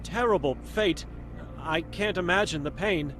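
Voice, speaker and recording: A man's voice: on the high side, unhurried, music in the background, lightly acted. A man voicing a young monk in a game who presses with earnest questions about his missing sister. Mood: urgent, earnest.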